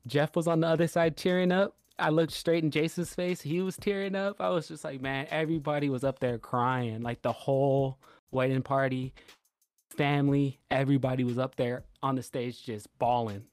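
A man co-hosting a podcast, telling a long story in a relaxed way and acting out what others said. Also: medium pitch, moderate pace, smooth, no echo. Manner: laid-back storytelling, retelling quotes. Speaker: podcast co-host. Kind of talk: casual chat.

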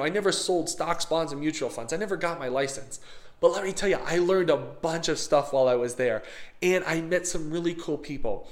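Man, slightly high-pitched, storytelling monologue, emphatic, animated. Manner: animated, emphatic, quotes others in his story.

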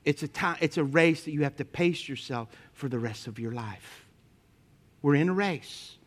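Male pastor, fairly high voice, lively storytelling sermon, jokes with the room, big swings in volume. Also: moderate pace. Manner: lively storytelling with humor, speaking to the congregation; swings from loud emphatic points to quiet, low asides.

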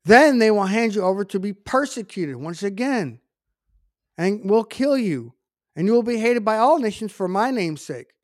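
High-voiced emphatic male preacher. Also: animated, normal speed, no echo, clean studio sound. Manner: emphatic, conversational preaching with asides and repetitions. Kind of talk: sermon.

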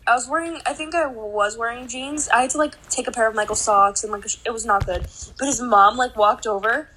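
A woman's voice: on the high side, fairly quick, sharp tone, slight background noise, low-quality recording. A woman in her twenties hosting a podcast, chatting casually and cursing, with lots of "like" in her speech. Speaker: podcast host. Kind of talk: casual chat.

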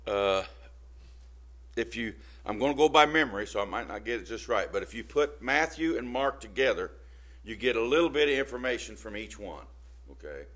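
A man's voice: mid-range voice, lively intonation, normal speed, a bit bright. A man preaching an informal sermon, talking conversationally and often checking in with his listeners.

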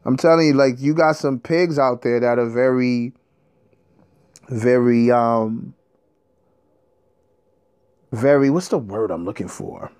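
A man in a casual monologue, telling a story in an animated, streetwise way, with profanity and slang. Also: medium pitch, slow pace, long pauses, clear, resonant tone.

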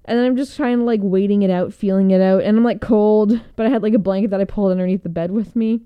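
A woman's voice: mid-range voice, fast, mellow. A young woman casually telling a personal story, rambling with lots of fillers and frequent laughter. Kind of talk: casual chat.

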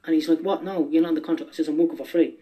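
A man's voice: on the high side, fairly even intonation, very fast, dark tone, rough recording. A man telling stories as a podcast guest, rambling and swearing freely. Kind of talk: casual storytelling.

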